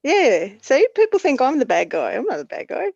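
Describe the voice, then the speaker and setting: On a video call with dull, dry audio, a female guest with a high, creaky voice talks fairly quickly. She tells animated stories casually and laughs often.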